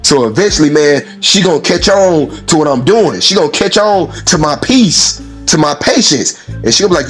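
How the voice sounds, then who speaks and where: A man talking casually and at length, telling everyday stories in an animated way, acting out other people's voices and laughing often. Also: fairly high pitch, normal speed, hardly any pauses, husky, soft background music. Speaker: speaker in a played clip. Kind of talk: casual storytelling monologue.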